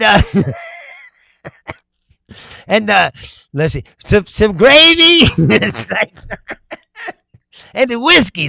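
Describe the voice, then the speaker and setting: A livestream host, a man, talks casually with his viewers and reads their comments aloud. He laughs often and swears freely. His voice is high and very gravelly, and it sounds dry and close, with no room around it. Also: bright, forceful tone, no echo.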